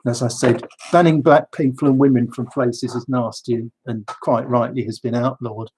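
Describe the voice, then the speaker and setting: A man's voice: mid-range voice, steady tone, moderate pace, darkish tone, a little hiss or hum. A man, giving his strong views in a talk. He speaks with emphasis and often repeats words as he starts a phrase. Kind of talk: opinionated monologue.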